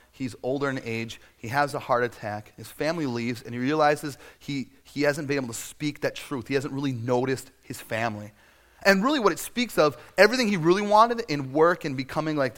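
A man preaching a sermon in a conversational, storytelling way, acting out scenes and sometimes shouting for effect. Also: medium pitch. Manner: conversational and self-deprecating, with frequent fillers. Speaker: pastor.

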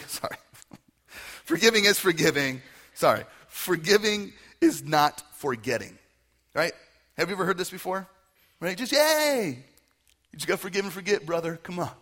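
A man preaching a conversational sermon, animated, often acting out quoted voices. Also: fairly high pitch, breathy edge. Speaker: pastor.

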